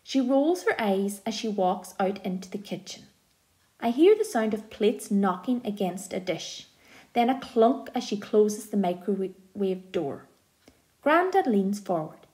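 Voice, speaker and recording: Woman, audiobook narration, gentle storytelling, mellow dark tone. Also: medium pitch, animated, measured pace.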